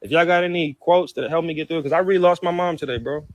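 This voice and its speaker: Man, high voice, rapid-fire heated profane rant, hurt and upset; personal vlog to camera. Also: steady tone, no room sound, highs cut off. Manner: heated, profane, repetitive outbursts. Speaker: vlogger. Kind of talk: emotional personal venting to camera.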